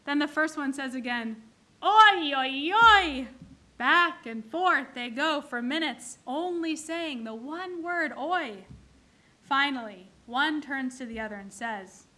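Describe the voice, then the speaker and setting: A woman's voice: high-pitched, unhurried, bright, forceful tone. A woman from the clergy giving a sermon in a synagogue, telling jokes and acting out their characters. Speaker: clergy leading a service.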